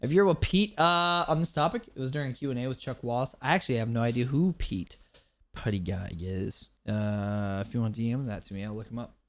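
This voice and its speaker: A young man streaming live, chatting casually with viewers, thanking them and laughing loudly between comments. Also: mid-range voice, brisk. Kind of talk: casual live-stream chat reacting to a clip.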